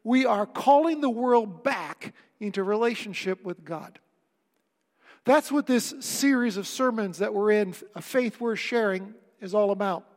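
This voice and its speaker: An unhurried, high-voiced male pastor preaches a sermon in the long reverb of a church hall. He's earnest and emphatic, adding wry asides to the congregation.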